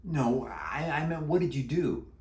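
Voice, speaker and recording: A man voicing an eager, anxious middle-school boy in a storybook read-aloud, with his voice raised high. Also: a little slow. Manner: excited, questioning, high-pitched boyish voice. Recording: echoey room.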